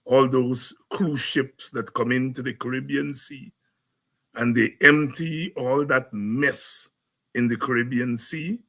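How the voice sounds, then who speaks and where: Host: man, bright and forceful, slow unhurried delivery, exuberant. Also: mid-range voice, steady tone, rough recording. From Guyana. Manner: exuberant, breaks into shouts and scat. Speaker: show host and lecturer. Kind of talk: lively talk-show commentary.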